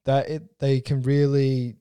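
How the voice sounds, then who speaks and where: A man chatting casually about fight sports, his voice mellow and warm. He thinks aloud, restarts his sentences and breaks down technique in detail. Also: mid-range voice, little pitch movement, unhurried, clean tone.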